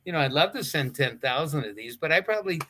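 A man's voice: a little high, lively intonation, quick pace, pushed and bright, a little hiss or hum. An older man, a retired wrestler, telling rambling stories in a casual interview. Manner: rambling, with restarts and chuckles. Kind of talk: casual anecdotal storytelling.

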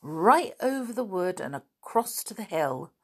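Brisk, cheerful boy leader in a storybook, a woman reading the part. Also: mid-range voice, very animated, breathy edge. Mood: eager. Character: eager boy club leader, bossy and cheerful.

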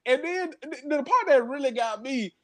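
High, animated man ranting with laughter. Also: moderate pace. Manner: profane, animated, laughing rants. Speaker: podcast co-host. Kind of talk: casual reality-TV recap chat.

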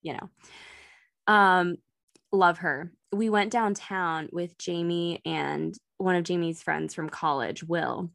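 A woman's voice: lowish voice, fairly even intonation, takes it slowly, gravelly, fairly bright tone, dry recording, clean studio sound. A young woman in her twenties, a guest chatting casually and telling stories with frequent giggles. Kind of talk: casual chat.

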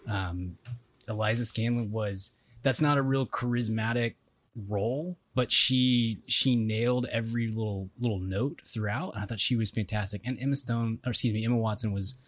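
A man's voice: lowish voice, normal speed. A man co-hosting a casual film discussion, talking hesitantly with frequent restarts. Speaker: podcast co-host.

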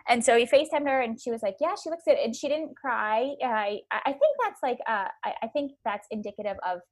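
A woman's voice: fairly high pitch, lively intonation, fairly quick. A woman in her thirties, a podcast guest, casually telling her birth story with many likes and ums.

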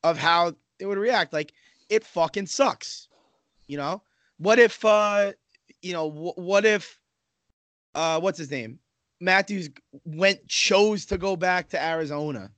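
A man's voice: high voice, slow pace, a bit bright, dry recording. A man talking hockey as a fan, rambling and swearing, with many restarts and fillers. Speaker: Islanders fan in a hockey podcast discussion. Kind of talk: casual hockey chat.

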